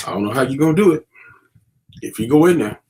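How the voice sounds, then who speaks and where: A middle-aged male vlogger offers casual, preachy commentary warning young people, using street slang and plenty of fillers. His voice is medium-pitched with a warm tone.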